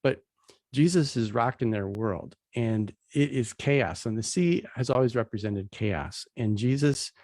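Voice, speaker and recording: A man's voice: mid-range voice, unhurried, darkish tone, dry recording. A man casually teaching a Bible passage, retelling its scenes in plain, everyday slang as he walks through slides.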